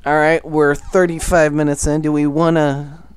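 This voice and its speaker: A young man co-hosting a casual podcast, laid-back, quick to laugh and swearing freely. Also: fairly high pitch, level tone, clear, resonant tone, no room sound. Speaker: podcast co-host. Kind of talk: casual chat.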